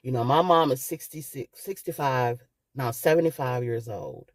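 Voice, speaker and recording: A woman's voice: a bass voice, normal speed, no room sound. A middle-aged woman vlogging, telling a personal story with emotion and often calling her viewers "guys".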